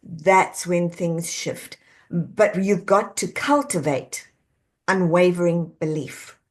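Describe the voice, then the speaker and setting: A middle-aged woman, an executive coach and author, talking as a podcast guest, telling animated stories and acting out quoted voices with easy laughter. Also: on the low side, slow. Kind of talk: conversational podcast interview.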